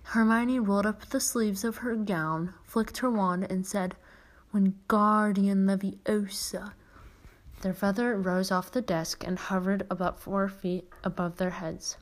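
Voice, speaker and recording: A woman's voice: mid-range voice, fairly even intonation, measured pace, hardly any pauses. A woman hosting a podcast, reading a children's novel aloud, with occasional stumbles and self-corrections. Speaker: podcast host reading a story.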